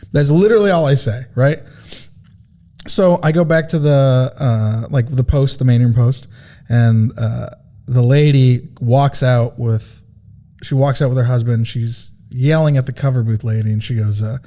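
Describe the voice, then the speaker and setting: A man's voice: mid-range voice, animated, normal speed, mellow. A man, a guest comedian, telling casual, profane, self-mocking stories on a podcast.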